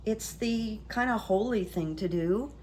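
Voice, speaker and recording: A woman's voice: medium pitch, a little slow, darkish tone, slight background noise. Chatty middle-aged woman vlogging. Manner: chatty, rambling storyteller, frequent fillers. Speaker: psychic YouTuber. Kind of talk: casual vlog chat.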